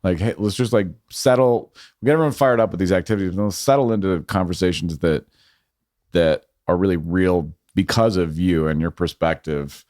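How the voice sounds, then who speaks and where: Deep-voiced reflective male guest, dry sound. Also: brisk, a little mellow, no echo. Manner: reflective, with restarts. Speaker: filmmaker guest. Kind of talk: casual conversation.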